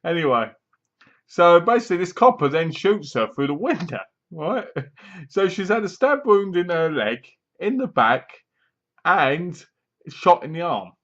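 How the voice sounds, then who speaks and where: A man with a high-pitched, sing-song, fairly bright voice talks at a measured pace through a rambling movie review, retelling scenes with acted-out dialogue and bursts of laughter. He's at home in a squeaky chair, and the recording is dull and lo-fi.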